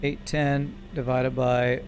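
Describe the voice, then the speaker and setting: A man's voice: mid-range voice, flat delivery, slow pace, a little mellow, slight background noise. A man streaming a building game, thinking aloud and correcting himself as he works through numbers. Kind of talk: live gameplay commentary.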